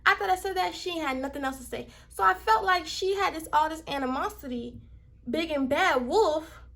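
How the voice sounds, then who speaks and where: Young southern woman from miami, high voice, fired up telling a storytime. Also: normal speed, vocal fry. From Miami, Florida. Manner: animated, heated retelling. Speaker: vlogger. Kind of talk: casual storytime.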